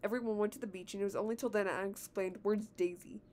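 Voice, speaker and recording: A woman's voice: mid-range voice, steady tone, rapid-fire, a little mellow. A teenage girl reading her own fan story aloud, giggling and commenting on her own reading. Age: teens.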